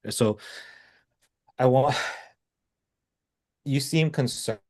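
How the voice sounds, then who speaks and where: A man's voice: medium pitch, very slow, a little mellow. A man coaching sales reps over a video call, blunt and casual, pushing them for more energy.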